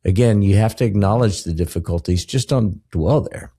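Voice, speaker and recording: A man speaking as a podcast guest, reflective and earnest, with drawn-out exclamations. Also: fairly low pitch, warm tone. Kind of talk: podcast conversation.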